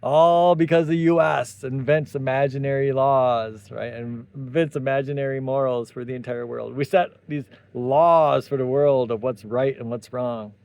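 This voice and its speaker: Man, solo tech commentator, animated rant, sarcastic asides, mid-pitched, close dry mic. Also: normal speed, gravelly, hardly any pauses, no room sound. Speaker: tech commentary channel host.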